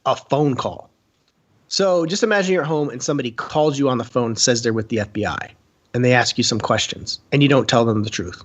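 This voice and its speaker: A man giving casual film commentary as a podcast guest, animated and rambling with many fillers and restarts. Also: mid-range voice, a little fast, highs cut off.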